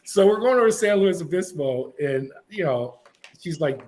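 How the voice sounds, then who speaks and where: A man's voice: a little high, moderate pace. A middle-aged man, a podcast guest, telling stories casually and acting out the other people's lines. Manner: animated storyteller acting out quoted voices. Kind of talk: casual storytelling.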